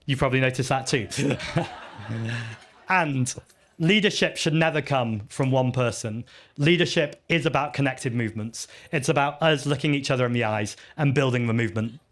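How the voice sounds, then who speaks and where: A man's voice: medium pitch, moderate pace. A man, a party leader, answering audience questions at a live festival Q&A in an earnest, chatty, self-deprecating way, with frequent ums and restarts.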